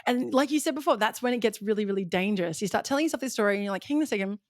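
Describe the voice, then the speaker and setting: A woman's voice: medium pitch, expressive, very fast, dry recording, studio quality. A woman hosting a podcast, chatting casually and telling personal stories, laughing between remarks. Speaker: podcast host.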